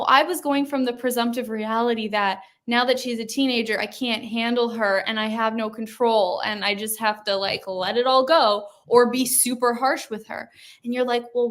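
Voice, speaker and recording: Female interviewer, higher voice, animated, laughs a lot. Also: normal speed. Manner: animated, laughs often, enthusiastic. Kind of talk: casual conversation.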